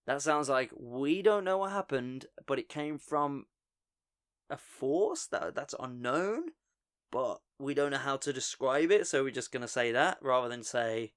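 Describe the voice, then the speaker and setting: A man hosting a podcast, telling a story in a casual, joking way and often laughing at his own asides. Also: mid-range voice. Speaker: podcast host.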